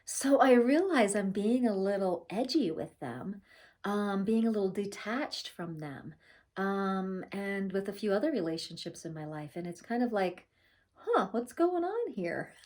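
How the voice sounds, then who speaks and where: A woman's voice: medium pitch, expressive, normal speed, a little mellow. A woman in her forties talking casually to camera as a spiritual vlogger, chatty and laughing often, with many fillers.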